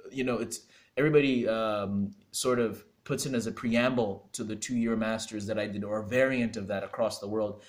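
A young man telling a personal story as a guest in an interview, animated and laughing, acting out quoted dialogue. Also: fairly low pitch, moderate pace.

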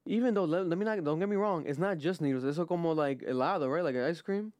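A man's voice: fast talker, darkish tone, dry recording. A man hosting a casual podcast, talking loosely with lots of swearing and fillers. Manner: loose and profane, drifting in pitch, trailing off with fillers. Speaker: podcast host.

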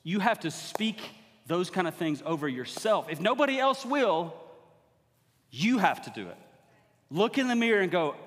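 A man's voice: sits high, very animated, normal speed, a bit bright. A man preaching a sermon as guest preacher, talking conversationally and building to emphatic exhortation. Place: church sanctuary. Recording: long hall reverb.

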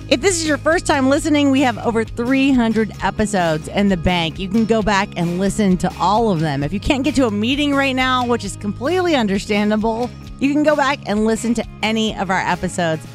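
A woman's voice: fairly high pitch, expressive, fairly quick, hardly any pauses, soft background music. A woman hosting a recovery podcast from home, talking candidly and chattily, self-deprecating and swearing freely. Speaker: podcast host. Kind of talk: casual recovery podcast chat. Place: at home, recording remotely. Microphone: broadcaster board mic.

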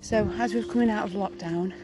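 A middle-aged woman from the Peak District, hosting a casual podcast outdoors, gentle and encouraging and a little out of breath. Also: medium pitch, brisk, rough recording. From Peak District, England. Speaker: podcast host. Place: small wood outdoors, birds around, distant traffic.

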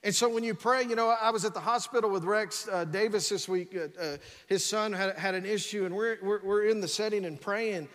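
High-voiced preacher in a reverberant hall. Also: male voice, a little fast, hardly any pauses. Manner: energetic preaching with frequent "come on" and repeated restarts. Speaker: pastor. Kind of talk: sermon. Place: church sanctuary. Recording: long reverb of a large church hall.

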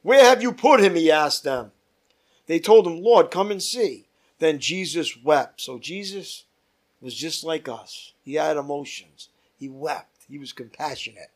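A man leading a Bible study as pastor, reading scripture aloud with emphatic rises and dropping to quiet asides. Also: a little high, expressive, unhurried.

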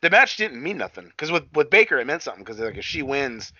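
A man's voice: a little high, quick pace, dry recording. A young man co-hosting a casual podcast, swearing freely and acting out what people said. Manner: animated, swearing, acts out quotes. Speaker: podcast co-host. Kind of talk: casual wrestling chat. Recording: dull, lo-fi dry sound.

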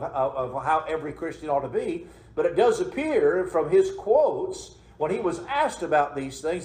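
A pastor with a fairly high, darkish voice preaches a Sunday evening sermon in a folksy style, repeatedly asking the congregation to answer him. His words ring through an echoey church sanctuary.

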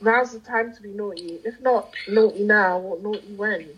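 A woman's voice: mid-range voice, moderate pace, slightly rough, dull audio. A woman hosting a late-night livestream in casual chat, playful and rambling, often laughing. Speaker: livestream host.

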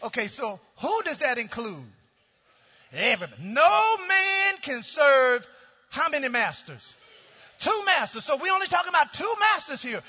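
A middle-aged male pastor preaching a sermon with call-and-response, swinging from shouts down to low, quiet tones. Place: church sanctuary. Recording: dull sound with long hall reverb.

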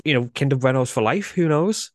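A man's voice: mid-range voice, animated, no room sound, clean studio sound. Chatty man hosting a podcast. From Yorkshire, England. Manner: chatty, playful, quick restarts. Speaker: podcast host. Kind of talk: casual chat.

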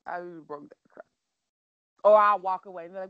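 A middle-aged woman talks through stories with lots of feeling and animation. Her voice comes through a slightly dull, dry recording. She is co-hosting a relaxed chat. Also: medium pitch, quick pace, no room sound. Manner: emotional, animated storytelling. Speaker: co-host. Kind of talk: casual chat.

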